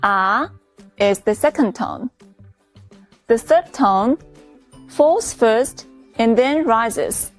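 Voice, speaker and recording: A woman teacher in a scripted lesson, explaining clearly and patiently, step by step. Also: on the high side, lively intonation, extremely slow, pauses often, darkish tone, faint music behind. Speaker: Chinese teacher.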